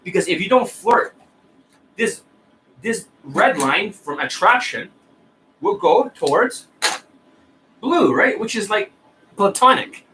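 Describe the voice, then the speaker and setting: Man, foul-mouthed, scornful coaching rant, bright forceful voice, somewhat high, faint background hiss. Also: expressive, slow, pauses often, rough recording. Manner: profane, scornful, insulting; repeats "right?" and "you see that?". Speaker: dating coach. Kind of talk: ranting coaching monologue.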